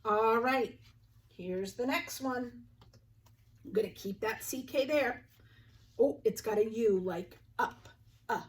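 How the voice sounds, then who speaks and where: Young woman teaching kids to sound out words, goes real slow, a little far from the mic. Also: on the high side. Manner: clear, patient, sounds words out slowly. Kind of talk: slow phonics lesson for young children.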